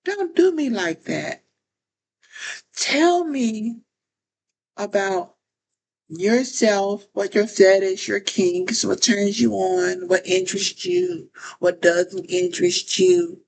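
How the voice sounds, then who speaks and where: A woman's voice: mid-range voice, lively intonation, slow, gravelly, darkish tone, rough recording. A woman giving casual talk-to-camera advice as a phone chat operator, often repeating phrases and restarting sentences.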